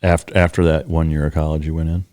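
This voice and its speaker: Very deep-voiced man hosting an interview. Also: little pitch movement, fast talker, warm tone, no echo, clean studio sound. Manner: brief reactions and short follow-up questions. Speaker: podcast host. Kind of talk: casual interview.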